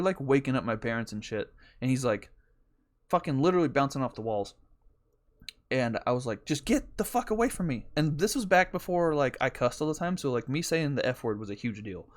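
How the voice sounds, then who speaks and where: A man hosting a podcast, telling a rambling, profane story in a casual way. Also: mid-range voice. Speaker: podcast host.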